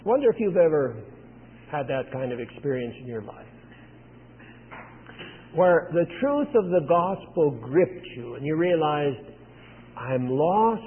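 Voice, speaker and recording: A preacher delivering a sermon with earnest, emphatic storytelling. His voice is high and husky. It reaches us through a thin, phone-like channel with a long, lingering reverb. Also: big pitch swings, unhurried, pauses often.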